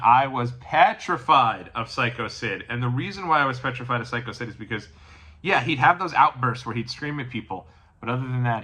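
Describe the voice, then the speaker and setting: A man in his thirties hosting a wrestling channel, telling a personal story in a casual, animated way, acting out quotes and dropping to quiet asides. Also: mid-range voice.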